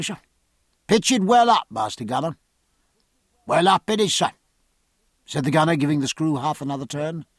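A man narrating an audiobook in a measured, dramatic reading. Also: on the high side, dry recording, studio quality.

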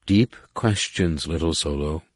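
A man voicing a slow, mocking female alien. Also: very deep voice, dry recording, studio quality, pitched below the performer's own voice. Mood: calm mocking. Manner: slow, measured, cryptic. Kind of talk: audiobook narration.

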